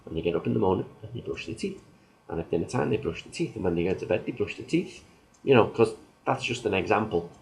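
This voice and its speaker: A man's voice: on the low side, animated, quick pace, creaky, slight background noise, poor audio. A man hosting a self-help video, explaining in a loose, casual way with everyday examples. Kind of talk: casual talk to camera.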